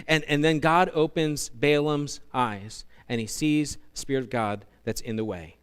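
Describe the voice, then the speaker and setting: A male pastor preaching a sermon, telling the story in an animated way with humorous asides to the congregation. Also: fairly high pitch, measured pace, clean tone.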